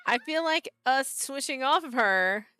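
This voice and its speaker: Bright-voiced woman streamer reacting loudly. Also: high-pitched, expressive, a little slow, clean tone. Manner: exclaiming, repetitive reactions. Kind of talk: live gameplay commentary.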